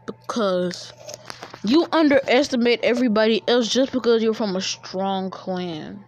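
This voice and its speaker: A woman's voice: a little high, measured pace, a little mellow. A woman casually telling a made-up fan story, rambling and slangy with many fillers.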